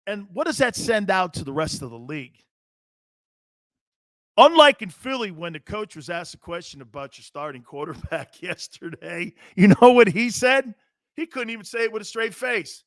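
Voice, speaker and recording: A man's voice: high-pitched, expressive, moderate pace, a bit bright, dry recording, clean studio sound. A man hosting a sports talk show, delivering a brash, opinionated monologue full of rhetorical questions and slang.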